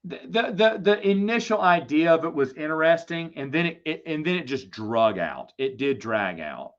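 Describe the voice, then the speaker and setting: Animated man telling rambling stories. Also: on the high side, normal speed. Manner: animated, rambling anecdotes with self-deprecating humor. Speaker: host of a live Q&A stream. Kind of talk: casual storytelling on a livestream. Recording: slightly dull lo-fi stream audio.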